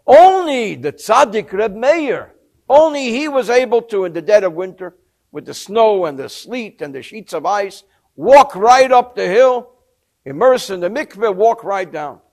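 A man with a high voice leads a study lesson on a religious text. He tells his story with expression and explains each Hebrew term in English as he goes. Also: lively intonation, unhurried, a little mellow. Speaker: Torah teacher.

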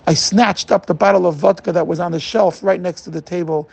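A man's voice: high-pitched, fairly even intonation, a little fast, vocal fry, darkish tone, husky, muffled recording, exaggerated voice. A man voicing a remorseful, middle-aged man who confesses his wrongdoing to a rabbi and pleads for forgiveness. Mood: ashamed. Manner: pleading, emotional.

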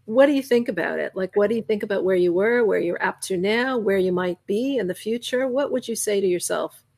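A woman's voice: medium pitch, brisk, creaky. A woman interviewing her guest, asking open questions and affirming the guest's answers. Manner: warm, affirming listener.

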